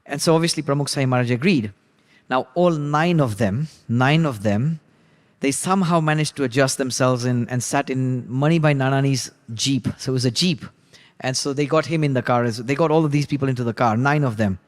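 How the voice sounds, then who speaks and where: A man leads a class and tells a story in an easy, chatty way, often pausing on "you know." His voice sits at an ordinary middle pitch. A long reverb trails after his words, as if he is in a large hall. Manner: conversational, relaxed retelling with frequent 'you know'. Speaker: religious class teacher. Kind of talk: storytelling lesson.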